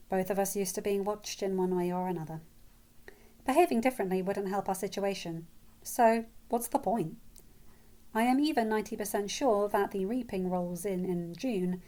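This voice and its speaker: A woman narrates a first-person story in an even, steady reading voice at a middling pitch. Her quoted lines lift a little livelier than the narration around them. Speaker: fan fiction reader.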